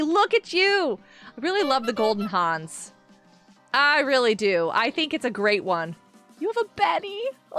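A woman's voice: high voice, bright, forceful tone. A woman hosting a live game stream, bubbly and gushing as she greets viewers in chat by name.

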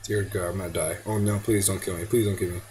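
Excitable and yelping and pleading at the game, a teenage boy gamer narrates casual gameplay, slipping into now and then. He talks low and quick, and the low-quality recording carries a little hiss or hum.

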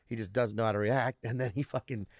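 A man's voice: medium pitch, steady tone, quick pace, no room sound, clean studio sound. A man in his thirties, a comedian guest, telling rambling stories in casual interview chat and swearing constantly. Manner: heavy swearing, rambling storyteller.

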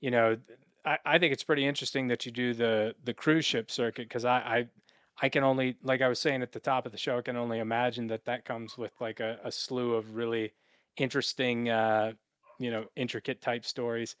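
A man hosting a podcast, asking halting questions full of fillers and restarts. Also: mid-range voice, flat delivery, a bit bright, clear, resonant tone, dry recording. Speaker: podcast host. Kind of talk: interview questions.

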